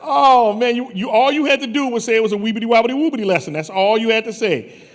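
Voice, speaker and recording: A man from New Orleans hosting a conference on stage, bantering and teasing people in playful, joking chatter. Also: very high-pitched. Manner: teasing, animated, quick jokes. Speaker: conference host.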